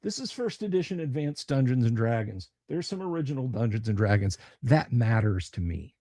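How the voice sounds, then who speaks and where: A man hosting a casual livestream chat, talking in a blunt, sarcastic way and swearing freely. His voice sits at an ordinary pitch for a man. The sound is dry and close. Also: expressive, normal speed, warm tone, no echo. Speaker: host of a tabletop gaming channel.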